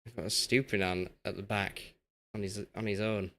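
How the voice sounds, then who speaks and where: A man's voice: lowish voice, level tone, moderate pace, a bit bright. A young man with a Yorkshire accent chatting casually with his live chat while playing a football management game, self-deprecating and talkative. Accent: Yorkshire English. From Yorkshire, England. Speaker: streamer. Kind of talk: casual live-stream commentary.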